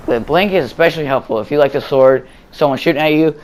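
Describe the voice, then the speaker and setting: A man's voice: fairly high pitch, fast talker, a little mellow. Rambling man narrating game footage. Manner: rambling, full of fillers and restarts. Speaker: gameplay commentator. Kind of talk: casual voice-over commentary on gameplay footage.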